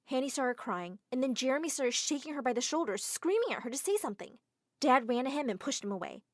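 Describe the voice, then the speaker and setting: A young woman giving dramatic storytelling narration, animated and quick to burst into excitement. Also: high voice, dry recording, studio quality.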